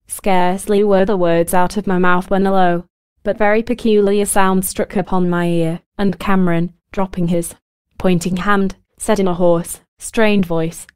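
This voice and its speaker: Smooth-voiced woman reading an audiobook. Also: medium pitch, moderate pace, no echo. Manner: even, formal reading. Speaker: audiobook narrator. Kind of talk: scripted book narration.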